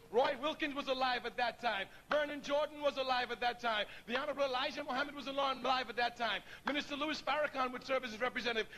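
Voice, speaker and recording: High, bright-voiced man giving a speech. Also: a little hiss or hum. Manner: emphatic, preacherly storyteller. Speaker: speaker addressing an audience. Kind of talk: public speech with storytelling.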